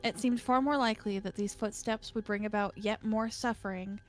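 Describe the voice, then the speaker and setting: Woman streamer, visual novel narration, steady measured reading, faint music underneath. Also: medium pitch.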